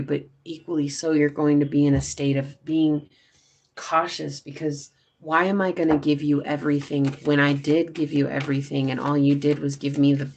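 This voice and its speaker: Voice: mid-range voice, vocal fry, a little hiss or hum. A tarot reader giving a casual, chatty reading to viewers, talking loosely with lots of fillers.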